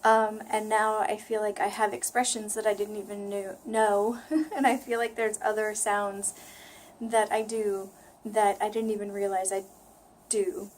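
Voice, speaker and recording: A woman vlogger with a plain, flat American accent talks casually to camera. She rambles and laughs at herself, now and then dropping into a half-whisper. Her pitch sits in an ordinary middle range. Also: unhurried, slight background noise. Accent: flat General American. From United States. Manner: chatty, rambling, self-deprecating, drifts into whispers. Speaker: language-learning vlogger.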